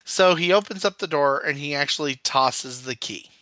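Brief: chatty co-host, bright tone, dry booth sound, animated plot recap. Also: mid-range voice, normal speed, dry recording, rough recording. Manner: lively storyteller, acts out quotes. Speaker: podcast co-host. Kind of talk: casual movie recap chat.

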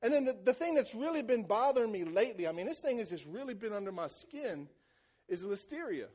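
Preacher guy, really high voice for a man, lively sermon, keeps asking the church to answer back. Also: a little fast. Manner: animated preaching with call-and-response to the congregation. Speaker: pastor.

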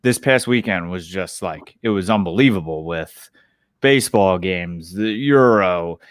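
Laid-back male co-host, lowish voice, dry close recording. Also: expressive, unhurried, dry recording. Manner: easygoing, brief agreeing replies. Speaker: podcast co-host. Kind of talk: casual podcast banter.

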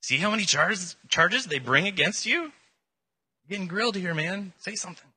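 A man's voice: high-pitched, expressive, normal speed, bright, forceful tone, breathy edge, pitched above the performer's own voice, full character voice. A man doing a slangy, exasperated Roman governor. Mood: pressing. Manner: slangy, pressing, incredulous.

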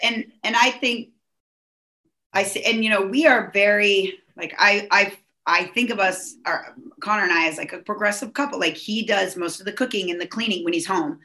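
A middle-aged woman from Southern California talks freely as a podcast guest. Her voice is bright and forward, and she keeps circling back through fillers and quick restarts as her thoughts pour out. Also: medium pitch, fairly even intonation. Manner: chatty, many fillers and restarts. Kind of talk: casual podcast chat.

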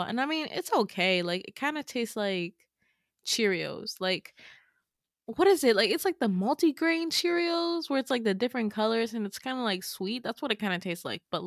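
A woman host casually retelling a dream, full of "like" fillers and casual swearing, with sudden high exclamations. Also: no room sound, clean studio sound. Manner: chatty, frequent "like" fillers, swears freely. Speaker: podcast host.

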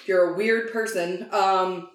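A woman's voice: medium pitch, steady tone, takes it slowly. A woman chats on a podcast in a mid-range voice, gushing about what she loves and swearing without a second thought. Her talk runs on ums and likes. The room around her adds a noticeable echo. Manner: chatty, gushing, swears freely, many fillers. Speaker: podcast co-host. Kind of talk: casual chat. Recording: roomy echo.

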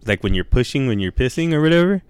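A man's voice: medium pitch, big pitch swings, fast talker, darkish tone, smooth, no echo. A young man telling a story in casual chat, laid-back and loose, swearing a lot and saying dude and bro.

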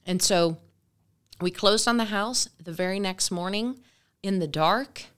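A woman in her forties, a podcast guest, telling a story casually and briskly and acting out dialogue. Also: mid-range voice, clear, resonant tone. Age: 40s. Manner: brisk, animated, acts out dialogue.

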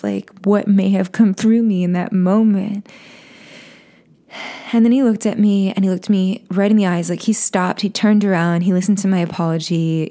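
A woman with a medium-pitched voice shares a personal story in a soft, confessional tone. She often sinks into a whisper, stammers, and starts her sentences over.

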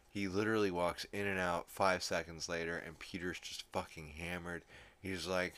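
A man's voice: low voice, flat delivery, moderate pace, a bit bright, dry recording. A man hosting a podcast, casually recapping a cartoon episode with lots of fillers and swearing. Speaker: podcast host.

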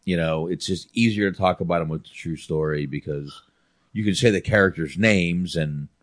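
Deep-voiced man rambling about a movie. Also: normal speed, no room sound. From North Carolina. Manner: rambling, frequent restarts and fillers. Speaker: podcast host. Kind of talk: casual movie review chat.

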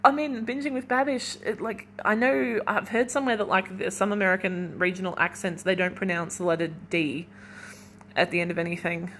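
A woman's voice: mid-range voice, fairly even intonation, brisk, a bit bright, slight background noise. A young woman hosting a casual solo podcast from her kitchen at home, chatting in a rambling way full of "like". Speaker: podcast host.

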